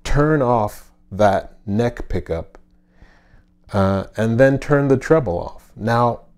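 A man hosting his own channel, giving a casual, friendly bass lesson with fillers and asides from a home studio. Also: expressive, slow, darkish tone, clear, resonant tone. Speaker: bass teacher and channel host. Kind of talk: casual instructional talk.

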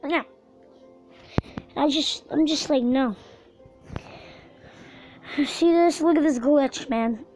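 A woman's voice: high voice, slow pace, long pauses, a little mellow. A woman hosting her own gaming channel, giving rambling, filler-heavy, crude, joking let's-play commentary. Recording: dull lo-fi recording with faint music.

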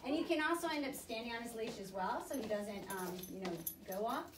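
A woman dog trainer gives quick, upbeat instructions during a hands-on session. Her voice sounds a little distant and echoes around the room. A faint hiss sits underneath. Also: on the high side, lively intonation. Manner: brisk, encouraging instruction. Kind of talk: hands-on coaching.

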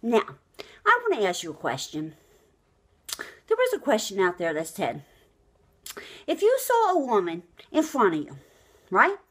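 Brash, gossipy woman with a lively voice. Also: unhurried, long pauses. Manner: brash, gossipy, swings pitch up for outraged questions. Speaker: vlogger telling the news. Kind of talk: chatty comic monologue to camera.

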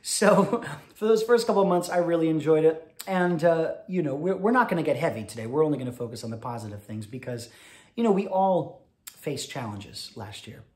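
A man, a cabaret singer, giving chatty stage patter between songs and telling a story quickly, with many fillers. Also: fairly high pitch, lively intonation. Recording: roomy sound over loud piano.

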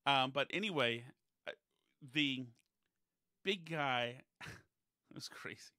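A man with a bright, forceful voice tells loose, wandering stories in a relaxed podcast chat. He is recorded close and dry, with no room sound. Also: mid-range voice, slow pace, no room sound. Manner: digressive, chatty anecdote-telling.

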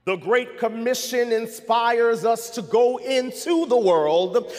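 High-voiced preacher in a reverberant church. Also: male voice. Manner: call-and-response preaching, rising and falling in intensity. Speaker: pastor. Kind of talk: sermon. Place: church sanctuary.

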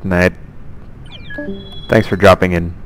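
A man's voice: low-pitched, steady tone, takes it slowly, soft background music. A sleepy man chuckling through laid-back gaming chat with friends. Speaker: gaming channel regular. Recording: noisy voice chat.

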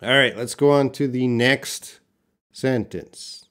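A man teaching a live online English writing lesson, reading example sentences aloud and quizzing viewers in a patient, unhurried way. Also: mid-range voice, fairly bright tone, clear, resonant tone.

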